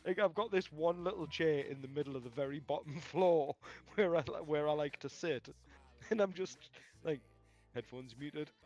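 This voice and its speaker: A man's voice: fairly high pitch, normal speed, soft background music. Laughing, swearing young man storyteller. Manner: animated, laughing, heavy swearing. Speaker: streamer telling a gaming story. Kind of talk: casual chat.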